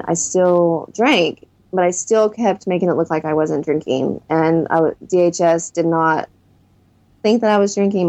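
A woman's voice: on the low side, darkish tone. A woman in her thirties, a guest in an interview, candidly telling her own story of recovery. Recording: dull lo-fi recording.

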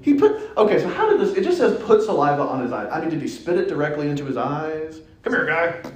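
A man preaching a conversational sermon, playful and animated, telling the story with asides and quick acted-out quotes. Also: a little high. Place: church sanctuary. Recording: echoey church hall.

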